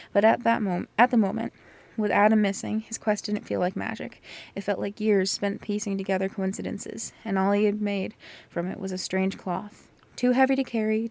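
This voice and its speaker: Chatty woman reading a novel out loud, curses a bit, trips on words, middle pitch. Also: vocal fry, no echo. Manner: chatty, swears, stumbles and restarts. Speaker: podcast host reading aloud. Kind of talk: casual book reading with commentary.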